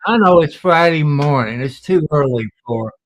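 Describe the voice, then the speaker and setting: A man hosting a casual livestream, chatting in an unhurried, folksy drawl. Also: fairly high pitch, expressive, no room sound, poor audio. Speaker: livestream host.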